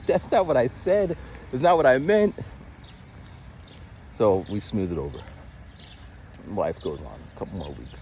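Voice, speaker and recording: Animated, rambling man in his forties. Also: medium pitch, moderate pace, long pauses, slight background noise. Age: 40s. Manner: animated, rambling, with frequent stammered restarts. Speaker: vlogger. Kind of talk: casual storytelling while walking. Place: outdoors, walking.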